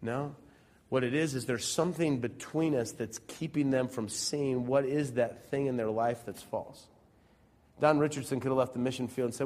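The preacher is a man from Central Illinois, medium in pitch and speaking at a normal speed as he gives a sermon in church. Conversational in tone, he peppers his congregation with rhetorical questions and moves between loud emphasis and gentle asides.

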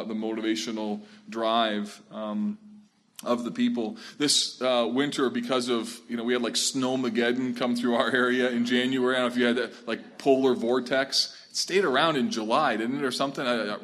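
Pastor, male, mid-pitched, speaking to a live room, earnest and animated. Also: moderate pace. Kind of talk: talk and Q&A for church leaders.

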